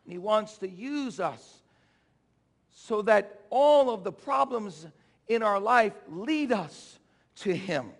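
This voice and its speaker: A male pastor preaching a sermon with impassioned swings from shouting to low, urging the congregation to respond. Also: lively intonation, slow. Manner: call-and-response exhortations. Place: church sanctuary. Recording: long church reverb.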